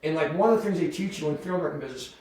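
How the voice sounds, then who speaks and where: A man who is a podcast guest, telling a long story in a casual, animated way, full of fillers and voiced quotes. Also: fairly high pitch, rapid-fire. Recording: echoey room, far from the mic.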